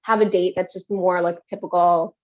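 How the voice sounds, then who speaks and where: A woman's voice: on the low side, little pitch movement, normal speed, dull audio. A woman hosting a podcast, chatting casually with many fillers. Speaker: podcast host. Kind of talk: casual chat.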